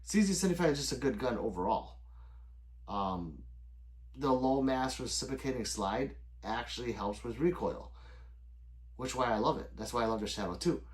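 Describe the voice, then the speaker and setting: Rambling, swearing male livestream host. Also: medium pitch. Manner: loose and rambling, swears often, answers chat by name. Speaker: livestream host reading chat. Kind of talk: casual late-night livestream chat.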